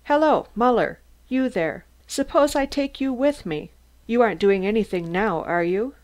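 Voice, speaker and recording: A woman voicing a brisk, impatient male police commissioner who questions sharply. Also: fairly high pitch, expressive, a little mellow, close to an everyday voice. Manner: curt, demanding.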